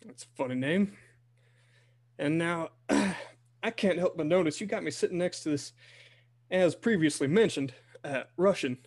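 A man's voice: fairly high pitch, a little slow, husky. A man playing a brash, blunt American man from Texas. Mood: gruff. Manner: blunt and confrontational.

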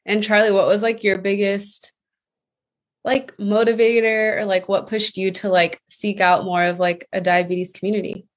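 A woman hosting a podcast, asking questions in a relaxed, casual way with many fillers. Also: mid-range voice, normal speed. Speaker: podcast host. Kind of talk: casual interview chat.

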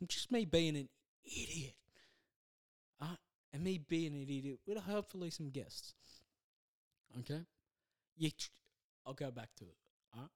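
A man hosting his own podcast, rambling casually through a movie review with self-deprecating asides and halting restarts. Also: mid-range voice. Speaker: podcast host.

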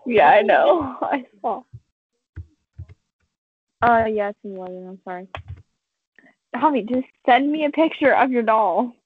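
Woman on a video call, slow easy talk, slightly high voice, muffled lo-fi sound. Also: lively intonation, husky, no echo. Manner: laid-back short replies. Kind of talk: casual chat. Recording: dull lo-fi call audio.

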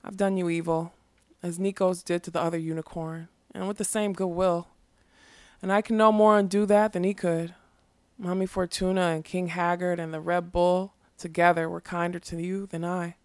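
A woman voicing a remorseful, wry male magician in a storybook reading, halting and gentle. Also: on the low side, level tone, dry recording, lightly acted.

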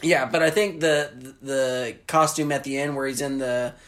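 A man from the American South in casual chat, rambling excitedly and acting out movie lines. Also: medium pitch, normal speed.

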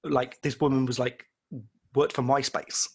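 Husky and medium in pitch, the man's voice barely moves in pitch and keeps a measured pace. As an illustrator guest on an interview, he rambles through casual, self-deprecating stories and voices the people he quotes.

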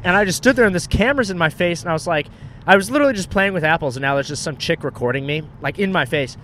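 Profane storytelling man, slightly high voice. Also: fast talker, slight background noise. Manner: profane, animated, acts out quotes in a high voice. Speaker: comedian podcast co-host. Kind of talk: casual road-trip storytelling.

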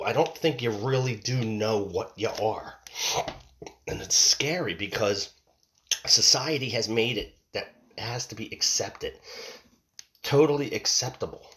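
A man's voice: lowish voice, bright, forceful tone, slight background noise. Man, forties, casual monologue, rambling, profane, emphatic, repetitive. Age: 40s. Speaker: father telling a story.

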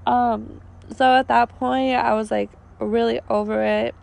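A woman in her thirties tells a rambling story on a casual podcast, packing her speech with fillers. Her voice sits fairly high, but it is raspy and gravelly, and she is losing it. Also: level tone, unhurried, a little mellow. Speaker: podcast co-host.

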